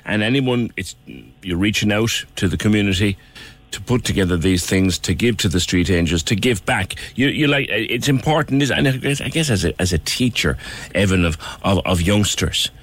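Lively, chatty Irish radio host. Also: male voice, on the low side, moderate pace. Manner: chatty, playful, jumps between topics. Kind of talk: casual radio chat.

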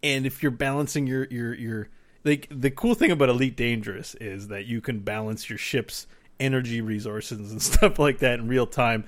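A man's voice: medium pitch, moderate pace. A man co-hosting a gaming podcast in casual chat, rambling with many fillers and casual swearing. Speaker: podcast co-host.

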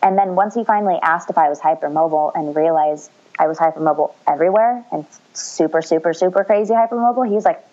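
A woman's voice: low voice, fast talker, hardly any pauses, warm tone, lo-fi sound. A young woman in casual chat, speaking candidly, swearing freely and acting out what others said.

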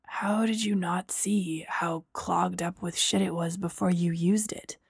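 A worn-out young man, an engineer, talks low and half-whispered in a dry, close audiobook voice, as a woman narrator puts him on. His lines come out breathy and heavy with frustration. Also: normal speed, warm tone, dry recording. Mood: exasperated.

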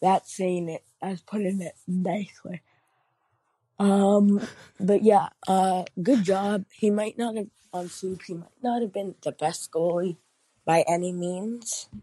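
Man, caller, rambling voice message, lots of ums, very slow, mellow. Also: high-pitched, steady tone, slightly rough, no echo. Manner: rambling, apologetic, many fillers. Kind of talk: casual voice message.

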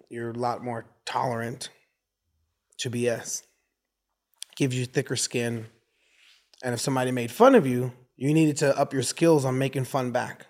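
A man in his forties, from the United States, telling stories as an interview guest and slipping into voices from his neighborhood. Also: mid-range voice. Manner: animated storyteller who acts out neighborhood voices. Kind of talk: casual interview.

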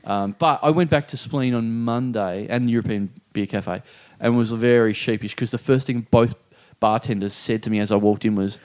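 A man's voice: medium pitch, moderate pace, darkish tone. A man telling a rambling story on a comedy podcast, laughing through it. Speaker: podcast regular.

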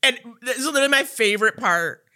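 A woman's voice: a little high, animated, quick pace, sharp tone. A woman from the United States co-hosting a podcast in a sassy, playful chat. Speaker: podcast co-host. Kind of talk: casual chat.

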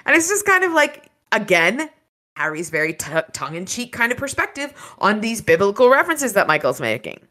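A woman's voice: mid-range voice, big pitch swings, brisk, bright, forceful tone. A woman hosting a casual book discussion, retelling the story with enthusiasm. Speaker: podcast host.

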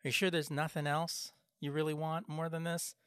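A man's voice: on the high side, flat delivery, moderate pace, fairly bright tone, clear, resonant tone, no room sound, studio quality. A man co-hosting a podcast, telling a joke in casual comedic chat with lots of fillers and laughter. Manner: laughs a lot, tells jokes with filler words. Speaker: podcast co-host.

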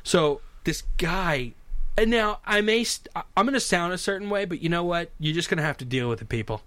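Ny guy telling a funny story, swears a lot, high lively voice, dry close mic. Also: a little fast, no room sound. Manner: animated, profane, conversational. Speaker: podcast co-host. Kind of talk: casual comedic storytelling.

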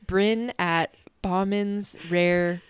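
A woman's voice: medium pitch, fairly even intonation, extremely slow, smooth, no room sound, clean studio sound. A woman in her late thirties co-hosting a podcast, chatting casually and laughing often as she recaps. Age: late 30s. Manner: chatty, laughs often, quotes others in asides. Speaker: podcast co-host.

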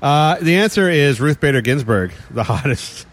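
A man's voice: mid-range voice, lively intonation, slight background noise. A man chatting casually and joking in a rambling, laughing way. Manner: fast, rambling, joking with frequent laughs and fillers. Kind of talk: casual podcast banter.

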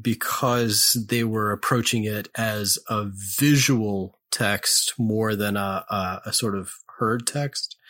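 A man hosting a podcast, casually explaining poetry in a halting way, often clearing his throat and correcting himself. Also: lowish voice, fairly bright tone.

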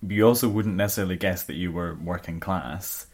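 A Scottish woman with an unusually low, deep voice, co-hosting a podcast. She teases playfully and giggles, and her tone is easygoing. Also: brisk, crowd noise. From Scotland. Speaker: podcast co-host. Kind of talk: casual chat.

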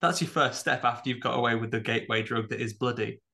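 A man's voice: medium pitch, steady tone, fast talker, vocal fry, bright, forceful tone. A man with a British accent, co-hosting a horror film podcast with wry, rambling humour. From Britain. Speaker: podcast co-host. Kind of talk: casual chat about horror films.

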